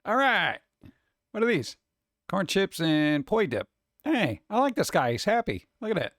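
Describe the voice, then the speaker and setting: A man hosting casual reaction commentary, excitable and exclamatory, rambling between remarks. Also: high-pitched, a little slow, no echo, studio quality. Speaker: host.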